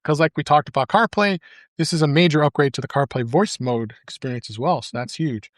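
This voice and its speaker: A man's voice: fairly high pitch, fairly quick, no echo, studio quality. A man hosting a live podcast panel, talking loosely with lots of ums and uhs. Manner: rambling with many fillers. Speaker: podcast host. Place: live event stage.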